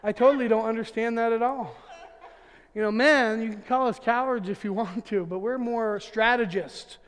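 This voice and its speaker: Pastor guy telling funny family stories in a sermon, fairly high voice, acts out the quotes, big echoey church hall. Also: moderate pace, clean tone. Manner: animated, acts out quotes, laughs often. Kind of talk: humorous sermon storytelling. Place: church sanctuary. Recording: long hall reverb.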